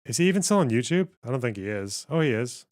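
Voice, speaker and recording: A man's voice: medium pitch, big pitch swings, fast talker, darkish tone. A man hosting a livestream, chatting casually and bluntly with frequent swearing and laughter. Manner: profane, blunt, laughs often. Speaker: livestream host.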